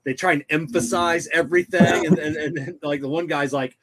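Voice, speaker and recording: A man co-hosting a casual podcast, speaking haltingly with many fillers and restarts. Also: a little high, fairly even intonation, a bit bright, slight background noise. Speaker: podcast co-host. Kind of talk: casual chat.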